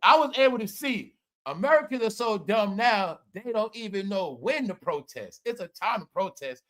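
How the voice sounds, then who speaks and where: A man's voice: sits high, lively intonation, normal speed, fairly bright tone. A man hosting a podcast livestream, ranting in casual commentary, profane and mocking, laughing often. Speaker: podcast host.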